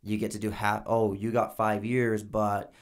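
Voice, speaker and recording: A man's voice: lowish voice, flat delivery, measured pace. A man co-hosting a podcast, telling loose, filler-heavy stories in casual chat. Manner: rambling, filler-heavy storytelling. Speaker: podcast co-host, former inmate.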